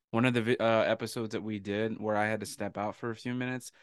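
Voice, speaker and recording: A man's voice: fairly low pitch, no echo. Laughing, profane male podcast co-host. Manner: laughs often, profane, animated. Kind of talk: casual chat, reading a listener story.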